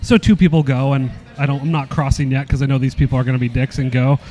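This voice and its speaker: Relaxed male co-host, warm mellow tone, jokey. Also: mid-range voice, fast talker, soft background music. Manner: joking, laid-back banter. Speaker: podcast co-host. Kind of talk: casual chat.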